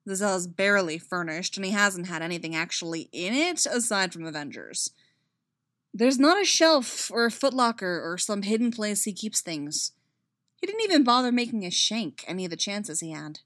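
Lively, wry woman reading a story. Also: mid-range voice, normal speed, no echo, studio quality. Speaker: story narrator. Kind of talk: reading a fan-fiction story aloud.

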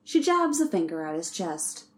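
A woman reading a story aloud as narrator, in an even, measured way. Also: on the low side. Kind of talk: audiobook narration.

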